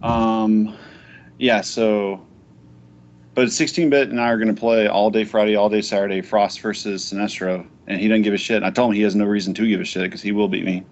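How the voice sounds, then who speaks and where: A man chats loosely about fighting game tournaments in a rambling, profane way. His voice is on the low side. The recording is dull and lo-fi. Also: steady tone, fairly quick. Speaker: podcast host. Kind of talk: casual gaming podcast chat.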